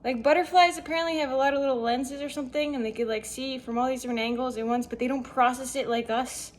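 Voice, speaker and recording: High-voiced chatty young woman vlogger. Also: steady tone, fast. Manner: chatty, rambling, lots of rhetorical questions. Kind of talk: casual rambling self-help monologue.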